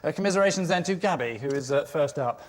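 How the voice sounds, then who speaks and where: A man's voice: a little high, expressive, fast talker. A man hosting a comedy panel show with dry, wry one-liners. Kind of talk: brisk quiz-show hosting.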